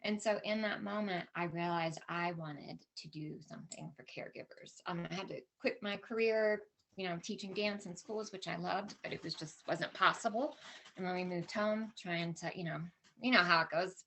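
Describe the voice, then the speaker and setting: A woman's voice: lowish voice, normal speed, fairly bright tone, a little hiss or hum. A middle-aged woman speaking at a conference, telling a personal story with candid emotion and lots of quoted dialogue. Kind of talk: personal story told to an audience. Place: conference stage.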